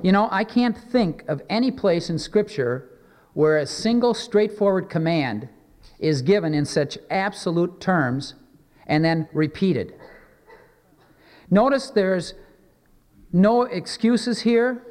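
A pastor preaches in a church sanctuary, his somewhat high, darkish voice ringing out with a long reverb. He is earnest and measured, reading scripture slowly and with emphasis.

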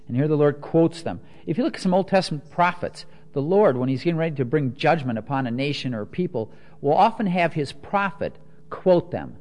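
A man preaching a teaching sermon, explaining scripture with everyday examples and moving between soft asides and emphatic quotes. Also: medium pitch.

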